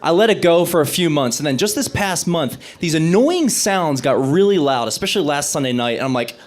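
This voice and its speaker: A young man doing a stand-up comedy set on stage, delivering dry punchlines between lively bits. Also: a little high, a little fast, hardly any pauses.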